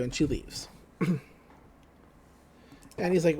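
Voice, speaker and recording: A man's voice: fairly high pitch, lively intonation, a little slow, pauses often, a little mellow. A man co-hosting a podcast, casually retelling an anime episode and paraphrasing the characters' lines. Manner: retells scenes, quoting characters in loose paraphrase. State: just woke up. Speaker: podcast co-host. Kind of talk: casual anime recap chat.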